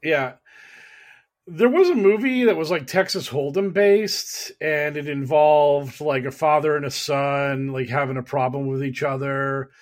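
A man co-hosting a podcast, telling stories in animated casual chat, laughing and swearing freely. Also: on the high side, a little slow. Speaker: podcast co-host.

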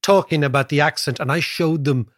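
Husky man, animated storyteller. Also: on the high side, brisk, no echo, clean studio sound. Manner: animated, storytelling, frequent tag "right?". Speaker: podcast co-host, economist. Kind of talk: casual conversational podcast.

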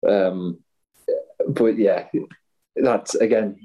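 A man in his thirties telling a lively anecdote in a casual chat, acting out the voices of the people in his story. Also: fairly low pitch, very slow, slightly rough, rough recording. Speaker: guest storyteller.

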